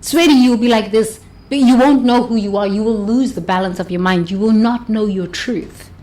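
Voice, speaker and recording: A woman giving an expressive motivational talk, stretching words for emphasis and laughing often. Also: mid-range voice, moderate pace. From South Africa. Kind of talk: motivational monologue.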